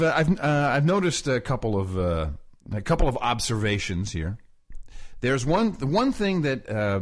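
A man co-hosting a podcast in casual chat, rambling and laughing often as he tells stories. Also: mid-range voice. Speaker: podcast co-host. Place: rented apartment abroad.

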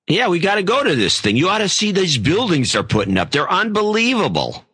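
Blunt, bright-voiced male podcast host. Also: high-pitched, huge pitch swings, fairly quick, slightly rough, dry recording. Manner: blunt, opinionated, dismissive. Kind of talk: casual chat.

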